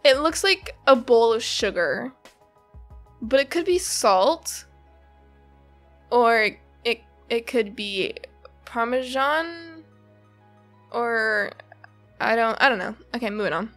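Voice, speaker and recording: A high-voiced woman reads a comic aloud in a slow, unhurried way, breaking off to gush and giggle about the characters. Her voice is bright and bounces all over the place, and she rambles happily with plenty of fillers. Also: expressive, faint music behind. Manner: bubbly, giggly and gushing. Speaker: YouTuber reading a comic. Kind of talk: comic reading with casual reactions.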